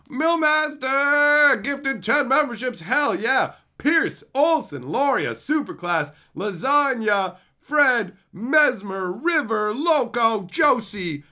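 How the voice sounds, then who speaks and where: His pitch is very high and his delivery slow as this man live-streams, opening card packs and voicing viewers' messages in rambling, excitable, foul-mouthed chatter.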